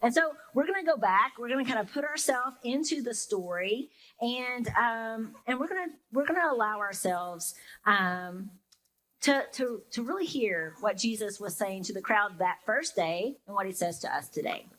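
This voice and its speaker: The recording is rough, capturing a young woman pastor whose voice is on the high side, animated and fairly bright, at normal speed. Her reflective, casual sermon has many fillers, speaks to listeners conversationally, and acts out their private reactions.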